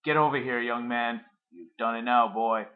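A man reading aloud, voicing a stern, domineering father who scolds and commands loudly. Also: medium pitch, moderate pace, narrow, tinny audio, close to an everyday voice. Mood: angry.

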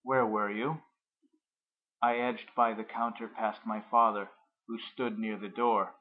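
A man narrating a first-person story in a measured, reflective way. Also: on the low side, little pitch movement, narrow, tinny audio.

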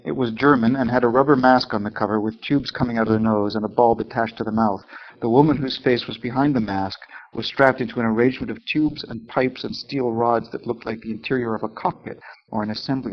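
A man's voice: mid-range voice, highs cut off. A man reading aloud from his own novel in a club reading room, in a dry voice that lifts for the dialogue.

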